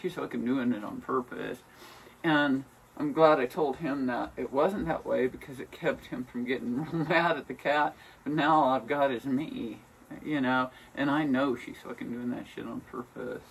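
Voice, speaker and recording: A woman's voice: very deep voice, fairly even intonation, normal speed, slightly rough, recorded from a distance. A woman vlogging at home in a casual, rambling way, venting bluntly with lots of swearing. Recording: voice from away from the mic, faint room noise.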